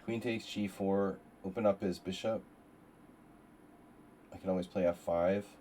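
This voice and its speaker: Male chess streamer, unhurried delivery, muses over variations, faint hum behind. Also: low voice, fairly even intonation, dark tone. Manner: thinks aloud, calculating move lines, rambling asides. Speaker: chess streamer hosting a simul. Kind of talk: live-stream commentary while playing.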